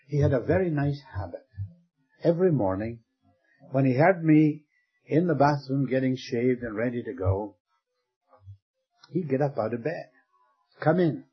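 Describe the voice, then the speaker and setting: An older man preaching a sermon with a very husky, breathy voice. He leans on dramatic pauses and sinks to a near-whisper on key words. The recording is dull and lo-fi. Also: mid-range voice.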